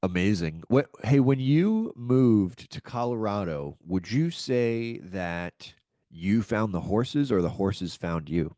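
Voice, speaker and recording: A man's voice: on the low side, expressive, slow pace, dark tone, no echo, studio quality. A man hosting a podcast interview, musing aloud in a reflective way with many "you know"s. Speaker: podcast host.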